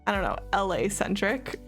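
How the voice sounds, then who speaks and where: A young woman streamer chatting casually while gaming, rambling and laughing often with lots of fillers. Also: medium pitch. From United States. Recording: music playing behind her.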